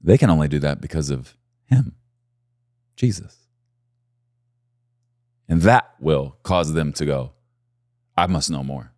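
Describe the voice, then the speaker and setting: A man preaching a sermon, animated and repeating key phrases for emphasis. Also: a bass voice, slow, long pauses, dry recording, studio quality. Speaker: pastor.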